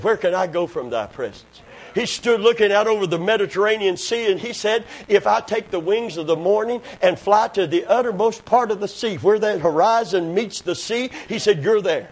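A man preaching a sermon, dropping to quiet, intimate talk and rising to shouted praise. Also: high-pitched, slightly rough, poor audio.

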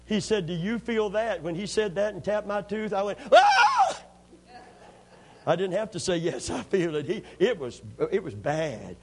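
A man's voice: high voice, normal speed, hardly any pauses, background noise. A man preaching a sermon, telling stories in a folksy, humorous way and prompting the congregation to answer back. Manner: lively storytelling, asks the congregation to answer. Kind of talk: sermon with call and response.

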